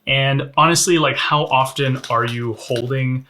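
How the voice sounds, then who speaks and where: Guy doing a casual bag review, bright tone, chatty and honest. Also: medium pitch, fairly even intonation, measured pace. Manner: conversational, candid, demonstrating gear on camera. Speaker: gear reviewer.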